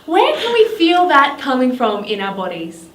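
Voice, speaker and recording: A woman's voice: high voice, wildly swooping pitch, moderate pace. A woman with an Australian accent leading a children's drama lesson in an encouraging, sing-song teacher voice. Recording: echoey room, mic at a distance, faint noise.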